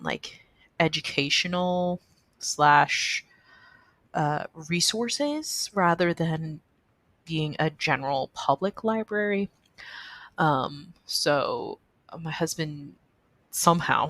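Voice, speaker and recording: A woman's voice: low voice, a bit bright, no echo. A young woman chatting casually in a voiceover, rambling with many ums and restarts. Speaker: planner vlogger. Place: voiceover recorded apart from the video.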